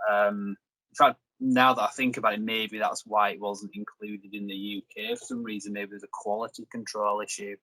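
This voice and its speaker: A man's voice: fairly low pitch, flat delivery, moderate pace, sharp tone, dry recording, poor audio. A young man hosting a review video, rambling and joking in casual chat. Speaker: reviewer and host.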